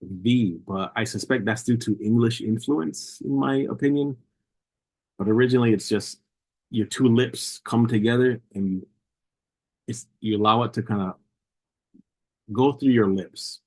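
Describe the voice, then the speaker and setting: A man's voice: medium pitch, unhurried, pauses often, darkish tone, poor audio. A man teaching a language lesson, patiently repeating each word several times to model its pronunciation.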